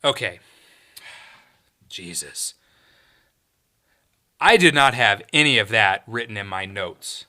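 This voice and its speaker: A man's voice: fairly low pitch, animated, normal speed, hardly any pauses, bright, forceful tone. A man hosting his own podcast, ranting in a heated, profane and emphatic way. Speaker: podcast host. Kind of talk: solo podcast rant.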